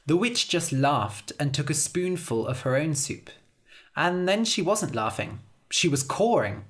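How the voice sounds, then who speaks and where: A woman telling a storybook tale for English learners, her pitch rising and falling freely as she reads. The narration is scripted and clearly paced, and she gives the story plenty of expression. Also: animated, a little slow.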